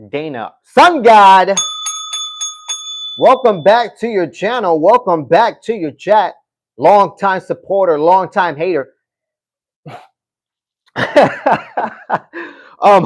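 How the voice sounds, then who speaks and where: A man hosting a casual livestream, reading chat comments and talking straight to his viewers, animated and swearing now and then. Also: a little high. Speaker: livestream host.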